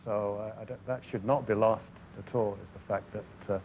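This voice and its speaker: A man's voice: lowish voice, fairly even intonation, normal speed, darkish tone, slight background noise. A man speaking in a casual interview, hesitant and full of restarts. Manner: hesitant, many fillers and restarts. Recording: dull lo-fi recording with faint ambience.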